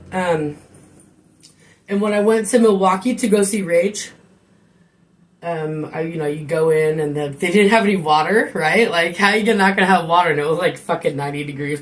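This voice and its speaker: A woman chatting casually and rambling on a live stream from her kitchen, swearing and joking with viewers. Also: lowish voice. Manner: rambling, profane, jokey. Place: home kitchen.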